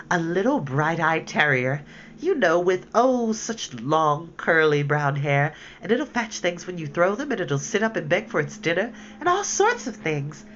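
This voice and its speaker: A woman's voice: fairly low pitch, big pitch swings, measured pace, fairly bright tone. A woman voicing a polite, curious young girl who talks eagerly and apologizes often, for a read-aloud storybook. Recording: dull lo-fi with faint hiss.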